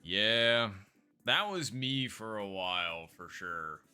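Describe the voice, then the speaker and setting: Low-voiced chatty male streamer. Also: animated, slow, pushed and bright, clean tone, faint music behind. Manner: rambling, chatty, with frequent fillers and self-asides. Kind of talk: casual live-stream chat over a game.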